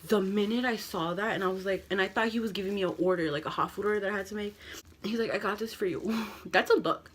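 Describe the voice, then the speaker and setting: A young woman telling a dramatic storytime vlog, animated and full of quoted voices. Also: medium pitch, fast talker, a little hiss or hum. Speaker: vlogger.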